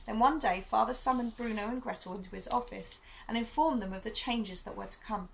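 Woman reading a novel aloud, gravelly. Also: a little high, brisk, slight background noise, low-quality recording. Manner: steady, clear storytelling. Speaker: teacher.

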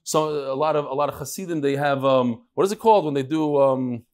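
A man hosting a daily Talmud class, animated, thinking aloud and putting questions to the room. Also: mid-range voice, fairly quick. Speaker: Talmud teacher and host. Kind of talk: daily Talmud class before a live audience.

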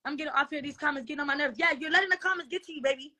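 Young woman, very high voice, sharp bright tone, profane defensive livestream rant. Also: fairly quick.

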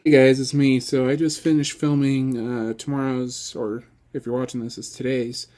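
A man's voice: medium pitch, normal speed. A man chatting casually to camera as a vlogger, easygoing and rambling with many ums and uhs. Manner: excitable, gushing. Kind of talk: casual vlog chat.

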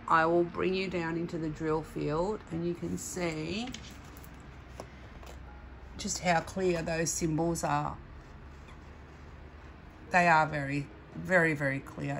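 A woman's voice: fairly low pitch, bright, forceful tone, slight background noise. A woman hosting a casual unboxing vlog, chatting directly to her viewers as she shows off a craft kit. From Australia. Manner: chatty, talks straight to viewers. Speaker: diamond painting channel host.

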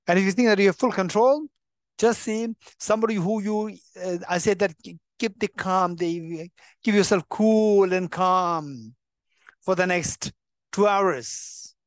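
A man's voice: high-pitched, unhurried, no echo. Emphatic man teaching Buddhist philosophy. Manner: emphatic, repeats and restarts words. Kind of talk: dharma teaching. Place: teaching center room.

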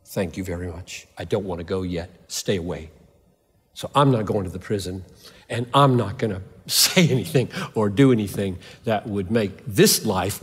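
Older pastor preaching in a large hall. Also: male voice, medium pitch, slightly rough. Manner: emphatic, repeats phrases for stress. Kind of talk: sermon. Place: large church. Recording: reverberant church hall.

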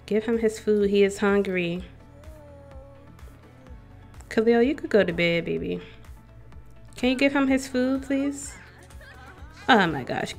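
Chatty woman narrating her game. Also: medium pitch. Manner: chatty, talks to the game characters and viewers. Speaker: let's play host. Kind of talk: casual gameplay commentary.

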